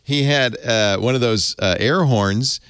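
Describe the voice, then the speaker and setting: A man's voice: medium pitch, a little slow, clean tone, no room sound, clean studio sound. A middle-aged man hosting a tech panel show, telling jokey stories in casual chat. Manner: jokey, animated storyteller. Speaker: host.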